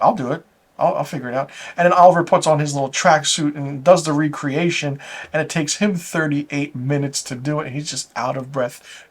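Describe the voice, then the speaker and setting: Man, TV episode reviewer, casual plot recap, rambling, chuckles now and then, mid-pitched voice. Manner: rambling, loose retelling with restarts and chuckles.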